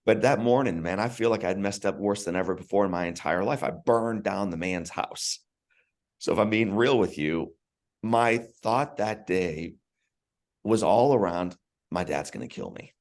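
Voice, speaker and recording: Deep-voiced man telling a personal story. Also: normal speed, darkish tone. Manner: earnest, emotional, repeats words when starting. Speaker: podcast guest.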